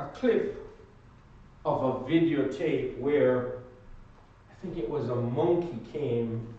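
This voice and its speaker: Slow, emphatic man teaching in an echoey room. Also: medium pitch, darkish tone, slight background noise. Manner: prompts the class to finish his sentences. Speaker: Bible class teacher. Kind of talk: Sunday class teaching. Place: church classroom. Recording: echoey room from far off, dull.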